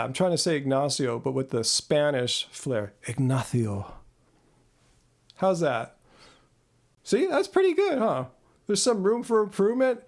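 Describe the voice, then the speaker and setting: Rambling, self-deprecating man with a gravelly voice. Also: fairly high pitch. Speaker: channel host. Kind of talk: live Q&A chat. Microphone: close studio mic.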